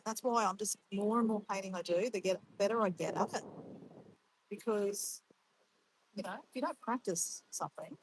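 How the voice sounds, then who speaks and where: A woman's voice: mid-range voice, brisk, a little hiss or hum, poor audio. A woman chatting casually to her viewers while she paints, thinking aloud as she goes. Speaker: vlogger. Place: outdoors on a windy day.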